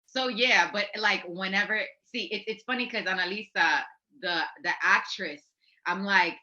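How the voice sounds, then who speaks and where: A woman's voice: fairly low pitch, brisk, pushed and bright, lo-fi sound. A woman, an actress and musician, chatting casually as an interview guest, acting out quotes and laughing often.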